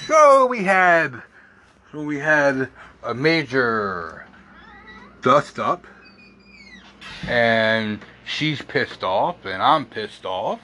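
A man's voice: mid-range voice, sing-song, extremely slow, pauses often, bright, forceful tone, a little hiss or hum. A man ranting about a long-distance relationship in a rambling, exasperated way, swearing and repeating himself, with a cough now and then. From United States. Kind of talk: casual storytelling rant.

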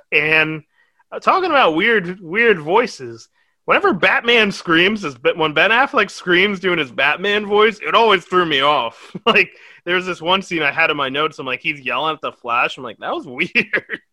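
A man co-hosting a casual film review podcast, animated and rambling, swearing often. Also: high voice, normal speed, no room sound. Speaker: podcast co-host.

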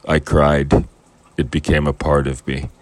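A man putting on a weary sitcom woman with a grainy, crackly, monotone voice. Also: rumbling low, unhurried, dry recording, pitched below the performer's own voice. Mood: deadpan. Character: deadpan gravelly sitcom woman, weary and flat.

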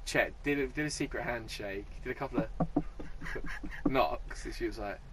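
A man co-hosting a podcast, telling a comic story in a lively, sweary, casual way and laughing as he goes. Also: medium pitch, background noise. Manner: animated, sweary, quick to laugh. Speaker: podcast co-host.

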